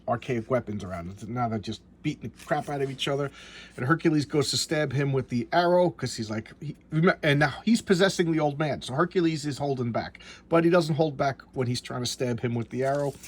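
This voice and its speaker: A man's voice: mid-range voice, a little hiss or hum. A man casually reviewing an old comic book, retelling the story in a loose, rambling way with frequent restarts and asides.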